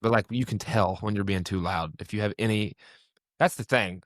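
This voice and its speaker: A man's voice: lowish voice, moderate pace, no echo, clean studio sound. A young man hosting a podcast, chatting casually and ranting with heat. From Indianapolis area, USA. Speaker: podcast host. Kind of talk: casual chat.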